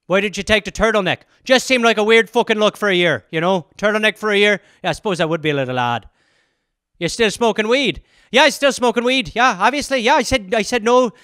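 A man putting on a thick Irish accent to play a man cursed with it, arguing with locals in loud, rapid banter. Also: high-pitched, clear, resonant tone, dry recording, studio quality. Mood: heated. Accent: put-on Irish.

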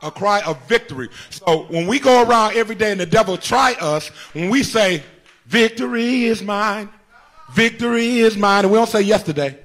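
A man preaching a Good Friday sermon with fervor, repeating phrases and calling out to the congregation, at times rising to a shout. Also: sits high, expressive, fairly quick, few pauses. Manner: fervent, repetitive, calls out to the congregation.

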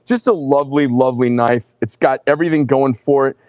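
A middle-aged man hosting a live knife sales show, telling rambling, animated stories between showing each knife. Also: medium pitch, brisk, dry recording. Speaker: host presenting knives.

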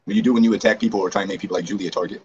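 A man's voice: low voice, steady tone, racing, a little mellow, highs cut off, a little hiss or hum. A man hosting a livestream, arguing with a guest in a bickering, profane, exasperated way. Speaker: livestream host. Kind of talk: heated casual livestream banter.

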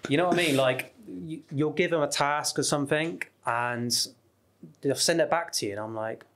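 A British man, a guest on a podcast, telling stories in a casual, animated way with many fillers and restarts. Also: a little high, moderate pace. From United Kingdom. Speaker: guest, travel YouTuber.

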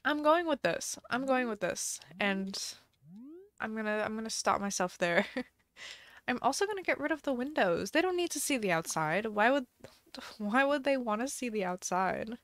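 A woman's voice: a little high, animated, moderate pace, no echo. A woman streamer chatting casually on a live game stream, thinking aloud and musing indecisively as she plays.

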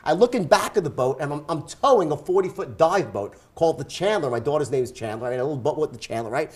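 A man telling a wild story as a guest speaker, in an animated way and acting out the voices he quotes. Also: fairly high pitch, fast.

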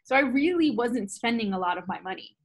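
A woman in her thirties, a podcast guest telling a travel story in a lively, casual way, often laughing and acting out quoted dialogue. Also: fairly high pitch, fairly quick.

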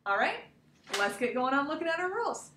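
A woman's voice: high voice, sing-song, fairly quick, pushed and bright, recorded from a distance, a little hiss or hum. A woman teacher giving a cheerful, encouraging grammar lesson to young children, speaking to them directly. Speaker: elementary school teacher. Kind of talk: recorded remote grammar lesson. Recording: echoey room, voice from off mic.

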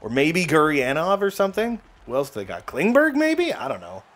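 A young man calls live gameplay with excitable, ranting play-by-play and quick jokes. His voice sits a touch higher than most men's. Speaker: gaming channel host.

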